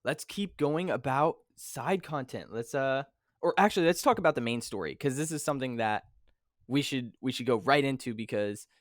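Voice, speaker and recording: A man's voice: mid-range voice, normal speed, no room sound, studio quality. A man hosting a podcast in casual chat, rambling and acting out his own reactions. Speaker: podcast host.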